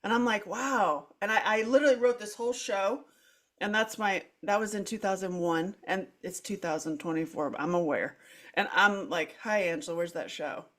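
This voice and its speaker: In a candid podcast conversation, the middle-aged female host recounts a personal story with lively energy. Her voice is medium-pitched, a bit bright and at normal speed; she restarts frequently, peppers everything with "like," dramatizes her own quoted lines and laughs through her speech.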